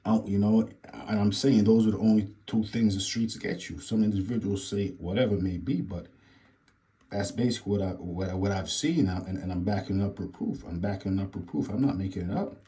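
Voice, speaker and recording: A man's voice: on the low side, a little fast, mellow. A man hosting a reaction commentary, repeating phrases and lecturing about street life. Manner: repetitive, preachy, says "believe it or not". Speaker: commentary host.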